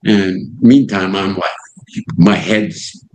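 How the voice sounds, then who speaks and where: An older man talks very slowly in a low voice over poor audio with a little hiss or hum. As a satellite radio host being interviewed, he relates an anecdote in lively fashion, voicing each of its characters.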